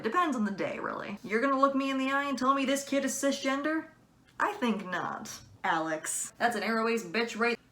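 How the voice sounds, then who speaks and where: A woman's voice: a little high, big pitch swings, normal speed, bright, forceful tone. A young woman giving playful, sassy commentary in a casual vlog, with sudden emphatic outbursts. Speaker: video creator.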